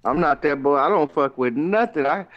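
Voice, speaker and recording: A co-host chatting casually, telling animated stories with swearing and frequent laughter. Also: medium pitch, moderate pace, muffled recording. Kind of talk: casual chat.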